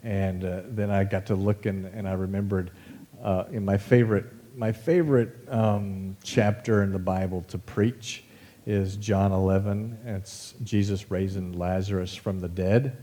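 Low, mellow-voiced man preaching casually. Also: steady tone, measured pace. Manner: conversational, folksy, with asides and fillers. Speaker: pastor. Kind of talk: casual sermon.

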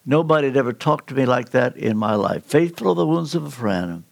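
An older man preaching a sermon in a church, telling a personal story with earnest, slow, emphatic pauses. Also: mid-range voice, animated, creaky. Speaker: pastor. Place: church sanctuary.

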